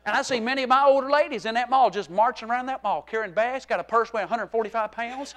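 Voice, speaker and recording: A middle-aged male pastor preaching a humorous, animated sermon to his congregation, moving from quiet talk to shouting. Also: very high voice, fast talker. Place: church sanctuary.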